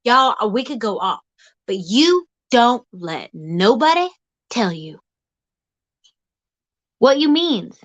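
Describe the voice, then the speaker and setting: A woman's voice: a little high, sing-song, takes it slowly, long pauses. A woman hosting an outdoor vlog, rambling in a folksy, teasing comic monologue. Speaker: vlog host.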